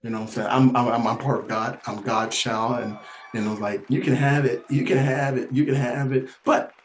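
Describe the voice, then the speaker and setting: A man's voice: mid-range voice, darkish tone, roomy sound, low-quality recording. Rambling laughing male stand-up comic. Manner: rambling and repetitive, laughing through lines. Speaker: stand-up comedian. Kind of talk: stand-up comedy set.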